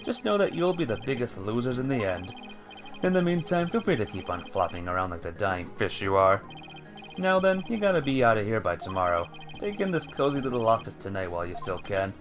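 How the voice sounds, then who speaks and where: A man's voice: lowish voice, sing-song, brisk, music in the background. A man voicing a smug, sneering thug who gloats over the people he has just beaten. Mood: taunting. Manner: mocking, gloating. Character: smug sneering male landlord thug, taunting.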